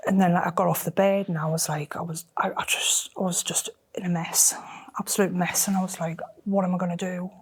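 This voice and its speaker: A middle-aged woman, telling a personal story in an emotional, halting way that often drops to a near whisper. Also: on the low side, level tone, slightly rough. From North East England. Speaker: interviewee.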